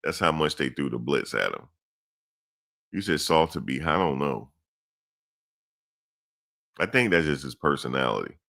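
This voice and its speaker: A man's voice: extremely low pitch, very animated, unhurried, creaky, pauses often, pushed and bright. A middle-aged man giving a blunt, blustery sports rant, repeating his points and addressing the audience directly. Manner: blunt, blustery, repetitive ranting. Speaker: sports commentary host.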